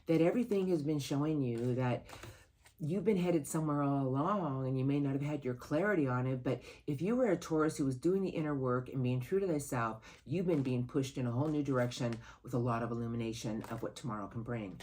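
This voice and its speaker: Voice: mid-range voice, a little fast, darkish tone. A tarot card reader giving a monthly horoscope reading in an earnest, heartfelt, rambling way.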